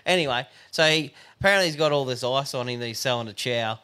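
A man's voice: medium pitch, fast talker, bright, forceful tone, clear, resonant tone. An Australian man co-hosting a podcast, telling crude pub stories with constant swearing and frequent laughter. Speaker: podcast co-host. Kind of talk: casual crude storytelling.

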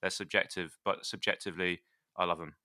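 A man co-hosting a podcast, telling stories in a lively way and laughing often. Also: sits low, brisk, dry recording, studio quality. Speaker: podcast co-host. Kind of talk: casual podcast chat.

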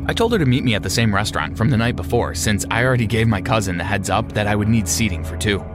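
A man narrating a first-person story in a steady, measured way. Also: fairly low pitch. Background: background music.

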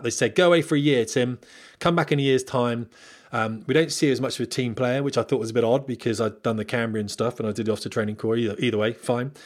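A man talks straight to his viewers at a brisk clip, sharing blunt career advice from his flying days. His delivery is candid and rambling, full of fillers, restarts and asides. His voice sits in an ordinary middle register. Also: mid-range voice. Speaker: former military pilot giving career advice. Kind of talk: casual monologue to viewers.

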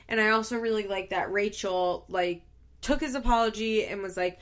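A woman telling a story in a casual, chatty way, animated and quick to laugh, full of filler words. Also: fairly high pitch. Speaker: show recapper.

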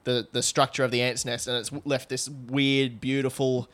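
A man's voice: medium pitch, flat delivery, moderate pace, fairly bright tone. A man co-hosting a podcast, rambling and swearing in casual banter with frequent laughs. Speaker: podcast co-host.

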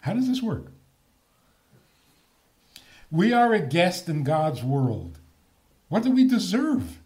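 A man's voice: high voice, big pitch swings, slow pace, a little mellow. A man giving a lecture with humor, asking rhetorical questions and chuckling at his own points.

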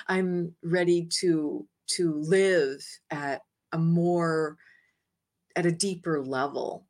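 A woman with a fairly low voice recounts a personal experience as an interview guest. She tells it in a lively, animated way, acts out her own past words and laughs lightly between phrases. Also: slow. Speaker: interview guest, energy healer. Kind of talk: personal storytelling.

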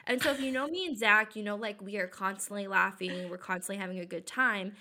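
Bright-voiced woman telling a story. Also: medium pitch, fairly quick. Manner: animated storyteller, quoting others in lively bursts. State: sore throat. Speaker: podcast co-host. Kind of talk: casual storytelling chat.

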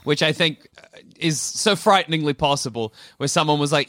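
A man chatting on a podcast in an easygoing way, often chiming in with agreement. His voice is bright and sits a little high. The recording is dry and close. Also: moderate pace, no echo. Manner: chatty, laughs easily, agreeable. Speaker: podcast co-host. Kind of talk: casual chat.

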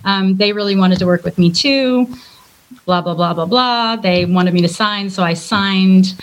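A woman's voice: mid-range voice, unhurried, poor audio. A woman telling her story as a guest in a casual interview, chatty and self-deprecating, laughing often. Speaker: guest singer and former worship leader.

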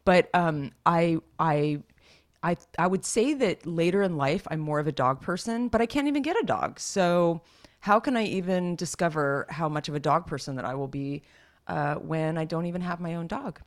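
A laid-back woman co-hosting a podcast, chatting casually with easy laughter and slang. Her voice sits slightly low. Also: expressive, moderate pace. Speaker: podcast co-host. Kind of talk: casual chat.

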